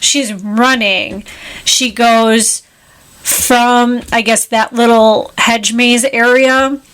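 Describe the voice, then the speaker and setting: A woman co-hosting a podcast, retelling a film plot in casual chat with animated, quick asides. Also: a little high, clean tone. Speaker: podcast co-host.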